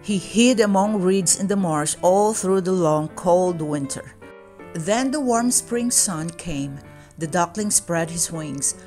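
A woman reading a children's storybook aloud in a calm, measured way. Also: lowish voice, soft background music. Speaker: children's book reader.

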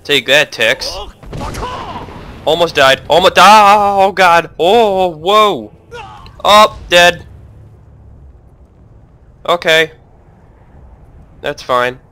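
A young man with a very bright, forceful voice narrates his gameplay in an unhurried drawl. He talks straight to the characters on screen and jokes his way through, then suddenly yells at them. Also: sits high, lively intonation, smooth. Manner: jokey, talks to the game, bursts into yelling. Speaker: let's play host. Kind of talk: gameplay commentary.

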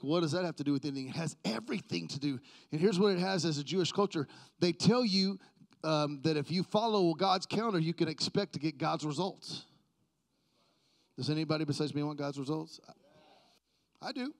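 Chatty, higher-voiced man preaching. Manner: conversational, self-deprecating, jokes with the congregation. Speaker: pastor. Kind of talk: sermon. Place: church.

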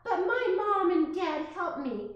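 Woman doing little boy puppet, high chirpy voice, sweet and eager, echoey room. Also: animated, measured pace, dull audio.

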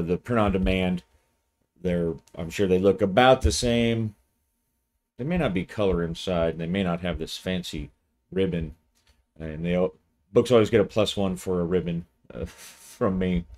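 A man, hosting his channel and giving a relaxed, rambling video review. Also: sits low, normal speed. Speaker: channel host, game reviewer.

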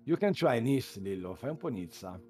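A man's voice: medium pitch, sing-song, normal speed, darkish tone. A man with an Italian accent, whose first language is Italian, commenting live on flight-sim landings as a stream co-host and cheering in loose, broken English. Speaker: livestream co-host. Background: music.

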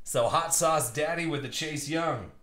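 A young man hosting a live trading card break, excitedly calling out cards and buyers in slangy chat. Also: a little high, unhurried, a little hiss or hum. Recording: roomy echo.

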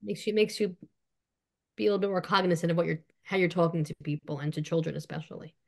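A woman who works as a coach joins a relaxed podcast conversation. She is encouraging and plain-spoken, with casual swearing. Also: fairly low pitch, fast, creaky. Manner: supportive, blunt, swears casually. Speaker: coach with clients.

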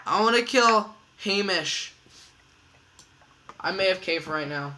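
Bright, excitable male gamer. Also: high voice, measured pace, rough recording. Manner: excitable, repeats catchphrases in a singsong. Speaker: gamer host. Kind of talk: casual gaming commentary.

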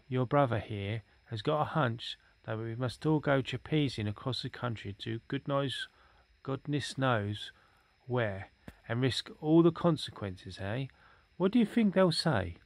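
A man voicing a pompous, condescending older male Chief Rabbit in a storybook reading, speaking in a smooth, patronizing, drawn-out way. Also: mid-range voice, no room sound.

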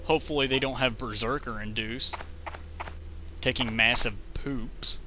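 A man giving rambling, jokey gameplay commentary, talking fast when he gets excited. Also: medium pitch, background noise. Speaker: let's play commentator.

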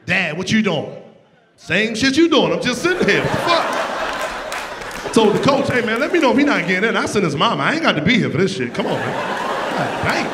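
A middle-aged man doing stand-up comedy, telling a profane, exasperated story with loud outbursts. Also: high voice. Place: comedy stage before a live audience. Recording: live stage mic with audience noise.

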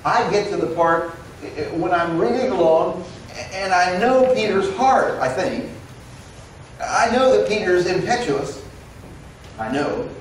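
Pastor preaching in a roomy sanctuary. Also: male voice, high-pitched, a little slow, slight background noise. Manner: conversational, animated storytelling with quoted dialogue. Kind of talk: sermon. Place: church sanctuary. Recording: roomy echo, recorded from a distance.

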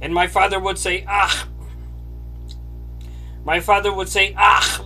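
A man delivering a deadpan comic monologue, slow and deliberate with pauses for effect. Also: sits high, soft background music. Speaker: comedian.

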